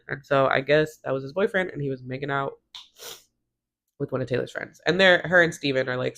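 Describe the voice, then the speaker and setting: A woman's voice: low-pitched, a little fast, a bit bright. A woman recapping a TV episode in a casual, chatty way, using "like" often and briefly acting out the characters' lines. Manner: chatty, heavy use of "like", acts out characters' lines. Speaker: TV recap vlogger.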